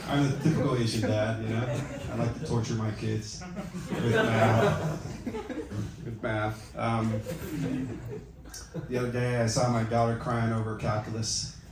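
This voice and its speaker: A middle-aged man doing a stand-up comedy set, delivering deadpan self-mocking one-liners. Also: fairly low pitch, measured pace, pauses often. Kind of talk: open-mic stand-up set. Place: comedy club stage with audience. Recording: echoey club from far off, loud noise. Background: audience laughter.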